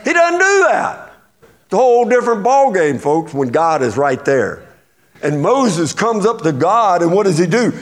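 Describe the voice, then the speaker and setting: Animated East Texas preacher. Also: male voice, on the high side, normal speed. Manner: folksy, animated preaching with lively dramatized quotes. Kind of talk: sermon.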